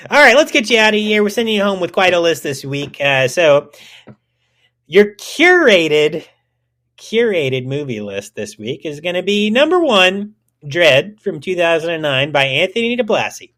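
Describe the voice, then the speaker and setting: A man's voice: high voice, very animated, normal speed, a bit bright. A man co-hosting a casual podcast, rambling and joking, swearing freely as he reads out film trivia. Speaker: podcast co-host.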